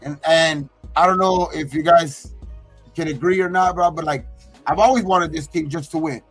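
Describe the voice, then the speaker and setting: A man with a slightly raised pitch vents about his team in casual podcast talk. He leans on fillers like "you know what I mean" and swears freely. Faint music sits behind him. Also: moderate pace, fairly bright tone, no echo. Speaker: podcast co-host.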